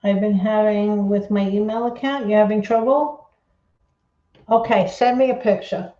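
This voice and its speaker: A woman hosting a crafting livestream, talking casually and rambling excitedly as she reads viewer comments and apologizes often. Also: medium pitch, moderate pace. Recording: roomy, dull lo-fi sound.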